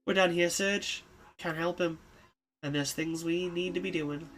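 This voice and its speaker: A streamer voicing a brash, pushy young female thief from a text game, loud and taunting. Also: medium pitch, steady tone, unhurried, a little hiss or hum, natural voice. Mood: curt. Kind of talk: reading a text game aloud.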